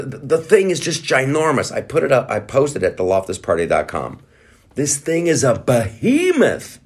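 A middle-aged man hosting a podcast, talking casually with sarcastic, mocking asides. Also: low voice. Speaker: podcast host. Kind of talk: casual monologue.

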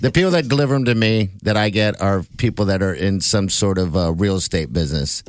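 A man's voice: deep voice, a little fast, no room sound, studio quality. A man hosting a radio talk show, chatting casually and laughing often. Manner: laughs often, lively sing-song delivery. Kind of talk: casual chat.

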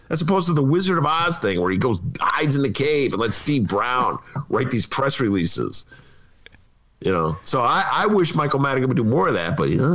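A man, co-hosting a casual political talk show, animated and quick to laugh. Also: on the high side. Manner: animated, laughing, mimics people mid-story. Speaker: co-host, columnist.

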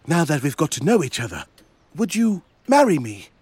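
A man voicing a kind and devoted young prince in a children's audio story, with a bright, earnest courtly way of speaking. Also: on the high side, wildly swooping pitch, moderate pace, husky, no room sound, heavily acted.

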